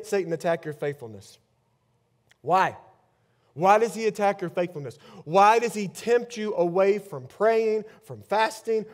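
A man preaching a sermon as pastor, shifting between fervent declarations and quiet, intense emphasis. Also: high-pitched. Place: church.

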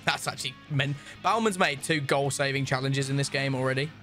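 A man's voice: medium pitch, fairly quick, bright, forceful tone, faint music behind. A young man casually commentating a football video game match with a friend, laughing and bantering. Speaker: gaming YouTuber host.

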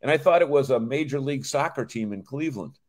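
A man's voice: medium pitch, lively intonation, fast talker. A man co-hosting a casual show over a video call, joking and rambling with restarts. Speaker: co-host. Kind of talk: casual chat.

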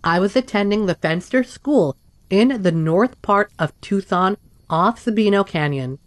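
A woman reading first-person accounts aloud in a steady, even scripted narration. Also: medium pitch, a little slow, no room sound. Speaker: story narrator.

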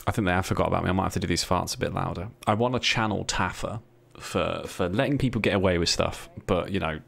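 A man's voice: low voice, quick pace, vocal fry, fairly bright tone. A man streaming a role-play game, chatting casually with jokes, swearing and rambling asides to his viewers. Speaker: streamer playing a police recruit.

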